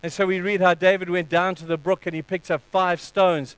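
A man preaching a sermon, telling stories in an earnest, animated way. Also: sits high, brisk, smooth, no room sound, rough recording. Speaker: pastor.

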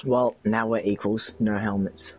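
Teasing husky-voiced man gaming. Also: lowish voice, fairly even intonation, unhurried, soft background music. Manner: teasing, laughs often. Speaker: gaming channel host. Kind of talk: casual gameplay chat with a friend. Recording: dull lo-fi recording.

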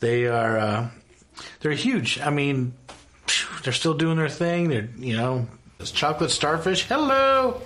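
A man's voice: mid-range voice, unhurried, a bit bright, slight background noise. Gushing, emphatic man ranting casually. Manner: emphatic, gushing, swears freely. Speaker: YouTuber. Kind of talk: casual enthusiastic rant.

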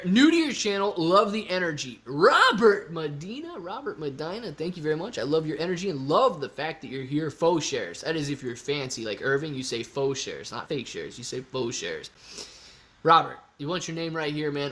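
His voice sits a little high as he hosts a laid-back livestream Q&A. He goes through viewer comments, gets worked up with excitement, thinks aloud and repeats himself.

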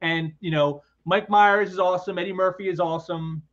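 A man's voice: high voice, fairly even intonation, fairly quick, a bit bright. A man co-hosting a casual chat, sharing trivia as a chatty storyteller who stumbles over his words. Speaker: co-host. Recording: dull lo-fi audio.

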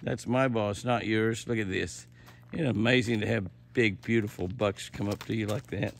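A man's voice: fairly low pitch, normal speed, creaky. A man voicing a protective young buck deer who bosses the other deer away from his owner. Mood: proud. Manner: bossy, guarding his owner.

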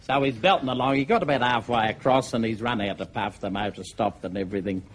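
A man's voice: medium pitch, quick pace, a little hiss or hum. An Australian man telling a long joke, spinning it as a yarn full of broad slang. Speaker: comedian.

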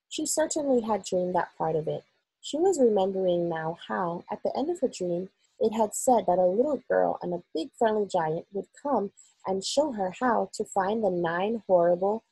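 A woman reading a children's novel aloud for school children in an expressive, unhurried storytelling manner. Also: medium pitch, husky, no room sound, rough recording.

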